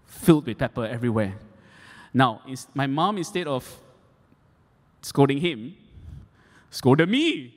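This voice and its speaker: A man's voice: mid-range voice, lively intonation, a little slow, pauses often. A man preaching a sermon as a pastor, repeating key points for emphasis, in an echoey church hall.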